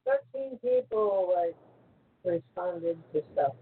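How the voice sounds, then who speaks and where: A woman co-hosting a casual chat show, answering quietly and dryly. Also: on the low side, lively intonation, takes it slowly, husky. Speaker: podcast co-host. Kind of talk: casual banter. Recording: phone-like lo-fi line.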